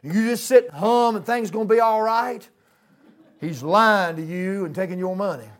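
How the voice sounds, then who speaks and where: A man preaching a sermon in a church, folksy, with dramatic swings from loud to hushed. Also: high voice, moderate pace.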